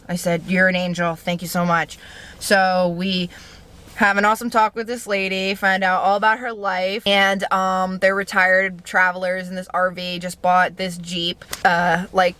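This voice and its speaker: A young woman talking to camera in a casual storytime monologue, animated and profane, acting out what people said. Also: medium pitch. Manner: animated, profane, acts out quotes. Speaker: vlogger telling a personal story.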